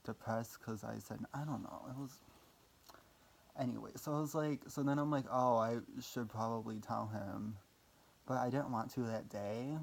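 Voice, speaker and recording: A young man with a gravelly, fry-edged voice tells a personal story to camera in a loose, rambling vlog. He fills his talk with "like" and casual swearing and keeps cutting himself down. His pitch sits in an ordinary middle range for a man. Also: fairly even intonation, moderate pace. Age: young adult. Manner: rambling, filler-heavy, self-deprecating, swears casually. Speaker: vlogger.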